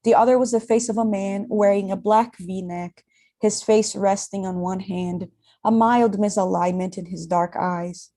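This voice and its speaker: A woman reading literary prose aloud in a calm, measured way. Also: medium pitch. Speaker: reader.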